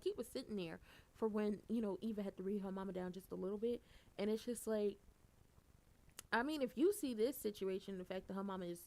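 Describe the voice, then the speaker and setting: A woman giving a casual, animated recap, blunt and profane, and she gets loud for emphasis. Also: medium pitch. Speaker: soap opera recapper.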